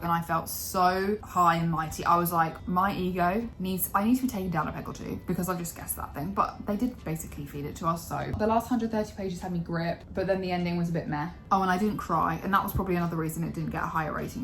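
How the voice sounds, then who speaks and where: Chatty woman reviewing books, dramatic asides. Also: on the low side. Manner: expressive, acts out her own reactions in quoted asides; blunt, swears casually. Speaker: book vlogger. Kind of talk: casual reading wrap-up chat.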